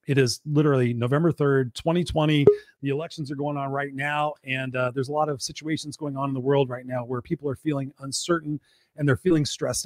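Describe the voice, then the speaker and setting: A man's voice: mid-range voice, no room sound. Man, live stream host, coaching tone, tired voice, dry close mic. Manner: energetic, greets viewers by name, coaching tone. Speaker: podcast host. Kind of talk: live-streamed motivational talk. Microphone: desk mic with monitors.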